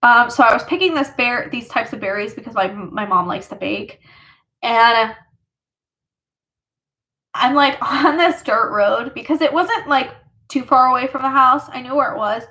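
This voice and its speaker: A woman's voice: fairly high pitch, moderate pace, sharp tone. A woman livestreamer telling stories in casual chat, rambling with many fillers and laughs.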